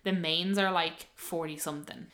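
Bright-voiced woman telling a story. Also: low voice, moderate pace. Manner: animated, quoting others in lively voices. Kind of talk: casual storytelling chat.

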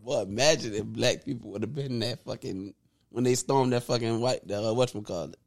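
A laid-back man co-hosting a podcast, drawling his slang. His mid-pitched voice is dry and close, with no room sound. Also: fairly quick, creaky, darkish tone, dry recording. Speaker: podcast co-host. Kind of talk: casual chat.

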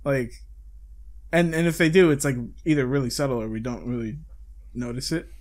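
A man's voice: mid-range voice, normal speed, a little mellow. A young man chatting casually with friends on a podcast, rambling and swearing freely. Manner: rambling, swears freely, full of fillers and restarts. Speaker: podcast host. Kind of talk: casual chat among friends.

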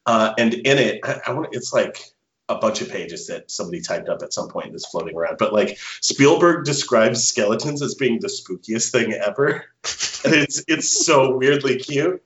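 A man in casual podcast conversation, animated and quick to laugh, with filler words running through his sentences. His voice sits in a roomy space, and the recording sounds slightly dull and lo-fi. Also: medium pitch, a little hiss or hum. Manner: enthusiastic, frequent fillers and laughs. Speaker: podcast co-host. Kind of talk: casual chat.

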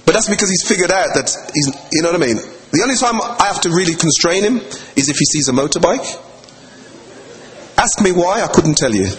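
A man's voice: fairly high pitch, animated, brisk. A man preaching a sermon in a conversational, anecdotal way, telling stories with acted quotes. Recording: long hall reverb.

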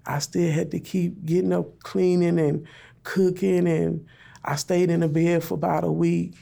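A woman's voice: fairly low pitch, level tone, measured pace, gravelly, warm tone. A woman telling an emotional personal story in plain, repeated phrases, speaking her prayers aloud.

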